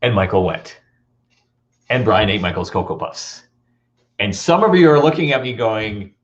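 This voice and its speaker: A man giving a motivational talk, telling comic stories in an animated, playful way. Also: fairly low pitch, normal speed, long pauses, dull audio. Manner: animated storytelling, playful and teasing. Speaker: motivational speaker.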